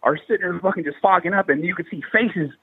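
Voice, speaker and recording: A man's voice: high-pitched, quick pace, slightly rough, no room sound, phone-quality sound. A man in his thirties from the Bay Area, telling a paranormal story in slangy, profanity-heavy casual talk. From Bay Area, California. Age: 30s. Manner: heavy swearing, slangy and animated.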